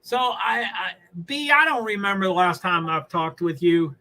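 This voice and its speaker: A chatty man from New England talks off the cuff on his livestream, wandering between thoughts and laughing often. His voice sits high for a man, with a bright, forward edge. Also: fairly even intonation, normal speed, poor audio. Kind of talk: casual live commentary while watching a race.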